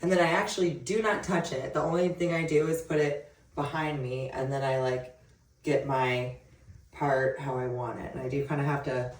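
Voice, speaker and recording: A woman's voice: a bass voice, fairly even intonation, moderate pace. A woman chatting casually and giggling as she walks through a hair tutorial. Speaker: vlogger. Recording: roomy sound, distant from mic.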